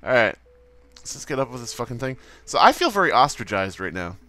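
A man's voice: mid-range voice, sing-song, brisk, bright, forceful tone. A man casually commenting on his own gameplay, goofy and swearing, with silly sound effects. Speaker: let's play host.

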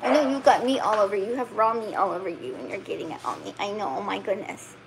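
A woman's voice: mid-range voice, fast, creaky, noisy background. A middle-aged woman breeding huskies, chatting casually on a home vlog, laughing often and cooing at a wriggly puppy. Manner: giggly, fussing and cooing at the puppy. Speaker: husky breeder. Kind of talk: casual vlog chat while handling puppies. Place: home, indoors by a couch.

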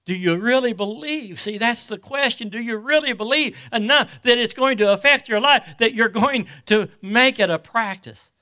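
High, bright-voiced preaching pastor. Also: male voice. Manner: preaches in swells, reading scripture slowly and emphatically; asks the congregation rhetorical questions. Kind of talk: sermon.

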